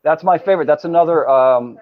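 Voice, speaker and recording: A man's voice: on the high side, fairly quick. A man chatting casually as a guest, telling stories with many restarts. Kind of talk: casual chat. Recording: dull lo-fi sound.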